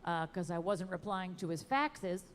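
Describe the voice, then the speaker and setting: A woman performing a wry, animated stand-up comedy set at an outdoor show. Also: on the low side, normal speed, big-room sound, background noise. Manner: wry, animated delivery with sung bits.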